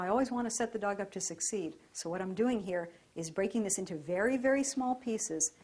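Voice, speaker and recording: Woman dog trainer, breathy, calm and even, instructional. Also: medium pitch.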